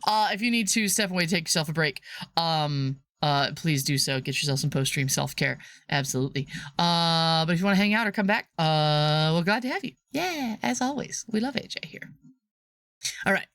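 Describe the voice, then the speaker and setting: A giggly woman streamer chatting on a live stream, her pitch leaping all over as she rambles. Her voice is bright and clear, recorded close and dry with no room around it. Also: lively intonation, normal speed, dry recording. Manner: giggly and rambling, laughs often; playful, bursts into high squeals. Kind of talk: casual livestream chat.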